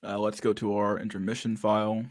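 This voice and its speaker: A man's voice: lowish voice, completely flat delivery, a little fast, darkish tone, dry recording, clean studio sound. A young man from Canada, rambling and swearing casually as the host of a livestream chat. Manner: rambling, profane, laughs at memes.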